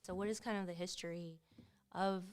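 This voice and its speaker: Upbeat woman podcast host, smooth voice. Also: lowish voice, steady tone, fairly quick. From Mississippi. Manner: upbeat and friendly, introducing guests. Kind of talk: casual podcast interview.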